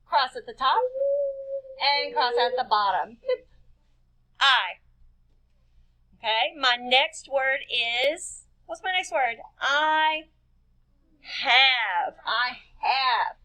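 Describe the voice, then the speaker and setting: Woman teacher with a high voice for a children's writing lesson: patient and slow, spells words letter by letter. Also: lively intonation, pushed and bright. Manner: asks children questions and answers them herself. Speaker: kindergarten-level teacher.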